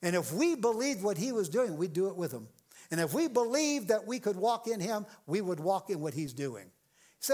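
Male pastor, high lively voice, animated sermon delivery with acted-out quotes. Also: moderate pace. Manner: animated preaching, acts out quoted voices, jokes with the congregation. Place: church sanctuary with congregation.

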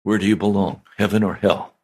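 A man's voice: on the low side, steady tone, brisk, darkish tone, husky. A man hosting a radio broadcast, praying and preaching fervently and pleadingly. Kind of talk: radio sermon and prayer.

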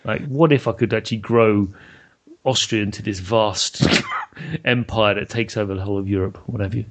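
A man's voice: lowish voice, normal speed. A British man hosting a podcast interview, chatty and enthusiastic, laughing often. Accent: British English. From Britain. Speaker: podcast host. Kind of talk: casual interview chat.

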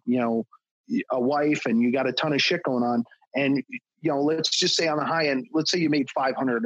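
Guy on a podcast cursing and ranting, husky voice, kinda dull lo-fi sound. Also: mid-range voice, no room sound. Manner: blunt and profane, ranting. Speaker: podcast guest, fitness trainer. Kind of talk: casual podcast chat.

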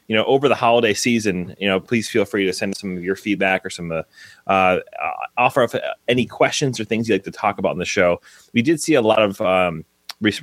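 Low male podcast voice, earnest and rambling, dry close mic. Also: fairly bright tone, no room sound. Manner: earnest, rambling, lots of fillers. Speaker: podcast co-host. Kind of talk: casual chat.

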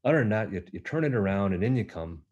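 A man's voice: lowish voice, lively intonation, fast, a little mellow, slightly rough, muffled recording. A man voicing a courteous but blunt golf starter. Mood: polite. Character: polite, firm Scottish golf starter, male.

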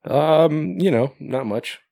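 A man's voice: a little high, lively intonation, takes it slowly, dark tone, no echo, studio quality. A man hosting a podcast in casual chat, rambling, swearing and laughing often. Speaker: podcast host.

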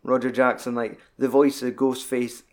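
A man's voice: medium pitch, little pitch movement, normal speed. Sweary man chatting films. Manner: loose, sweary, lots of "like". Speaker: podcast co-host. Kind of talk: casual film chat.

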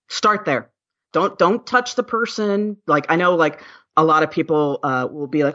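A woman's voice: low voice, moderate pace, fairly bright tone. Earnest woman with a muffled sound. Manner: candid, earnest, emphatic with many restarts. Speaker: podcast guest. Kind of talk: casual interview chat.

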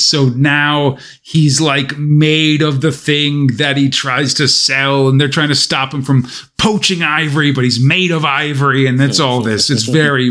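A man's voice: fairly high pitch, a bit bright. A man co-hosting a casual podcast, recapping a comic story with wry asides. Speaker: podcast co-host.

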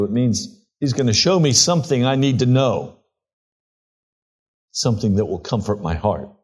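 A pastor preaching a sermon, reading scripture and retelling it in a slow, earnest storytelling way. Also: male voice, medium pitch, lively intonation, darkish tone, breathy edge.

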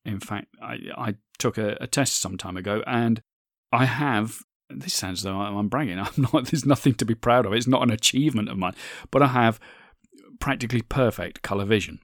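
A man hosts a solo podcast, thinking aloud in an earnest, reflective way and often restarting his sentences. His voice sits at an everyday middle pitch. The recording is dry and close, with no room sound. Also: moderate pace, no echo. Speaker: podcast host.

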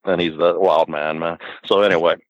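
A man's voice: sits low, fairly even intonation, fairly quick, dry recording, muffled recording. A man guest on a podcast, telling rambling anecdotes in a casual way and acting out quotes. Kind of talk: casual storytelling.

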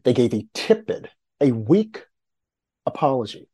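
Guy host ranting w rhetorical questions, dark husky voice. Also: mid-range voice, sing-song, a little slow. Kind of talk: political commentary monologue.

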